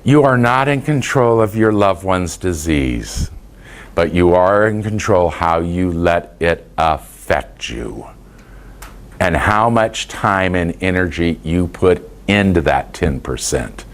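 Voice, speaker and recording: Lively, folksy man speaking to caregivers. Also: sits low, takes it slowly. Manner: folksy anecdotal storytelling. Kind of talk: motivational talk to an audience.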